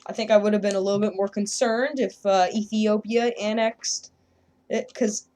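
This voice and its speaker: A woman's voice: mid-range voice, fairly even intonation, normal speed, mellow. A woman giving casual, rambling gameplay commentary, joking and self-deprecating as she plays. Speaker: gameplay video creator.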